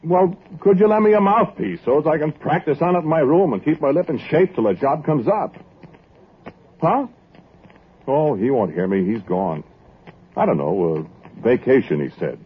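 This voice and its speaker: An actor playing a hesitant, stammering trumpeter in an old-time radio monologue. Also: male voice, on the high side, lively intonation, moderate pace, slight background noise, natural voice. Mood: fretful. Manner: hesitant, stammering, sing-song. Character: nervous, hesitant out-of-work trumpeter. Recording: tinny old radio with faint music.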